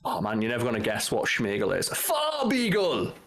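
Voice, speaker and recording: A man co-hosting a casual podcast over a call, excitable and swearing, laughing at silly names. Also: on the low side, fast, gravelly. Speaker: podcast co-host. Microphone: remote call mic.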